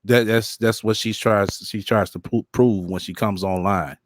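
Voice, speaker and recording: A man's voice: fairly low pitch, fairly even intonation, normal speed, dry recording. A man doing live-stream commentary, mocking a clip with lots of swearing and laughter, and reading viewer comments aloud. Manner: profane, mocking, laughs often, reads chat aloud.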